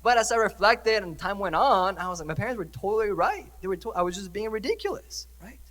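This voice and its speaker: A man's voice: sits high, expressive, fast talker, fairly bright tone. A young man, a priest, preaching a conversational sermon and asking the congregation questions. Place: church. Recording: church hall reverb.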